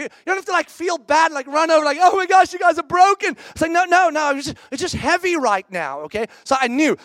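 High-voiced middle-aged man preaching. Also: dry recording. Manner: candid, animated, acts out quoted reactions. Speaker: pastor. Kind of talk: conversational sermon with storytelling.

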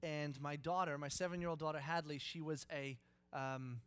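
A man in his thirties preaching, telling a family story with lively acted-out voices and frequent laughs. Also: a little high, moderate pace, smooth. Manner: animated, acts out voices, laughs often. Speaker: pastor. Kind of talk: sermon storytelling.

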